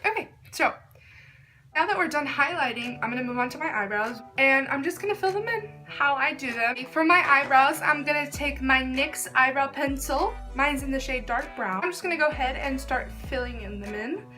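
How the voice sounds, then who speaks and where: A young woman talks through her makeup routine in a chatty, gushing way. Her voice sits high and sounds bright and sharp. Soft music plays faintly behind her. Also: moderate pace. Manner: chatty, gushing, filler-heavy "like". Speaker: beauty vlogger. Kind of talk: casual makeup tutorial.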